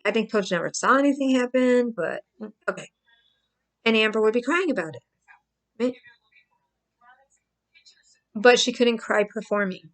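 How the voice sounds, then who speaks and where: A woman's voice: fairly high pitch, animated, measured pace, pauses often. Woman giving emphatic casual commentary. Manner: emphatic, repeats herself, acts out crying. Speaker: vlogger commenting on a trial.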